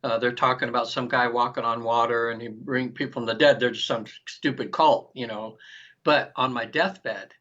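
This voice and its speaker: A man in his sixties, appearing as an interview guest, animatedly tells a personal story, acting out quoted lines and frequently restarting his sentences. His voice is mid-range at a normal speed, captured on a dull lo-fi recording.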